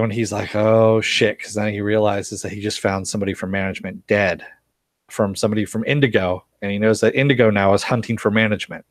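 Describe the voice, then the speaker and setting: Hosting a laid-back TV-series recap on a live stream, a man speaks in a lowish voice with no echo. He reads chat comments out loud and rambles, chuckling often and full of fillers and restarts.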